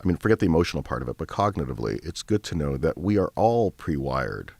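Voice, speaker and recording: A man who is a guest on a radio interview, speaking calmly and reflectively, often hedging with "kind of" and "like". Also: very deep voice, fast, gravelly, breathy edge, no room sound. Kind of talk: casual interview chat.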